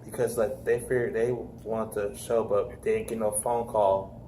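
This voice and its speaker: A laid-back man co-hosting a podcast, with a low and mellow voice. He chats loosely and chimes in with quick, short replies, while a faint hiss sits under the sound. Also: level tone, rough recording. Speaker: podcast co-host. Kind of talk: casual wrestling review chat.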